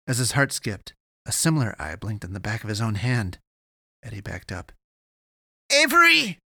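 A man giving steady, measured scripted narration of an audiobook. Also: on the low side, husky, no echo, clean studio sound.

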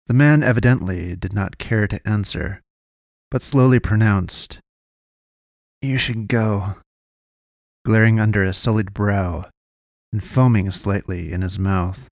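A man narrating a dark fantasy story in a measured, deliberate reading. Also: on the low side, creaky, dry recording, studio quality. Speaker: audiobook narrator. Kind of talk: scripted fiction narration.

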